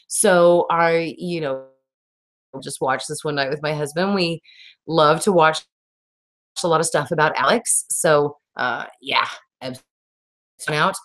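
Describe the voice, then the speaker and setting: Woman host, 30s, raspy today; loose chatty livestream delivery, lower pitch. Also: takes it slowly, pauses often. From Texas. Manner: rambling, laughs often, reads viewer comments. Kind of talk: casual livestream chat.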